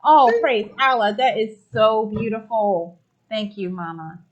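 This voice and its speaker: A woman's voice: a little high, measured pace, dull audio. A woman from the United States hosting a spiritual talk show, effusive and exclaiming as she affirms her guests. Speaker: podcast host.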